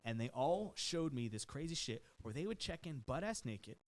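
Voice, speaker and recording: A man's voice: fairly high pitch, big pitch swings, normal speed. A man on a podcast telling a long story in a casual, profane way, often mimicking the people in it. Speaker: guest, personal trainer. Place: podcast studio.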